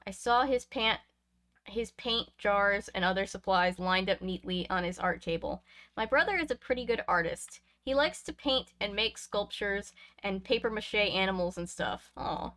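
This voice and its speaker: A woman's voice: mid-range voice, normal speed, fairly bright tone. A woman reading a book aloud, breaking off for chatty, laughing asides between passages. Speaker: reader of a book.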